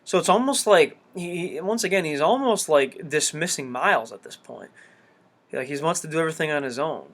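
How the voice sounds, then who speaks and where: A man reacting to a game trailer in casual commentary, excitable and rambling with fillers, swearing freely. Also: fairly high pitch, a little fast. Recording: loud background noise.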